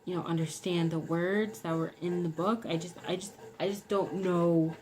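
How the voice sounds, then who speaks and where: A woman's voice: lowish voice, steady tone, normal speed, poor audio. A young woman telling a personal story in a rambling, casual way, full of "like" and "you know". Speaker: vlogger.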